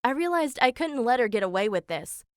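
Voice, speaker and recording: A woman's voice: on the high side, big pitch swings, a little fast, no echo. A woman voicing a matter-of-fact teenage girl. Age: young adult. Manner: plain storytelling, dry and matter-of-fact. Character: eighteen-year-old girl telling her own story. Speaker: animated story narrator. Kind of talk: scripted first-person narration.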